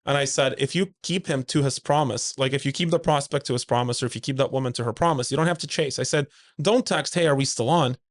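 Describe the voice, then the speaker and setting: A man's voice: mid-range voice, fast, few pauses. Blunt man telling stories animatedly. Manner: animated storyteller, acts out quoted dialogue in a raised voice; blunt, emphatic, repeats key points. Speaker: guest, suit company founder. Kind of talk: conversational podcast interview.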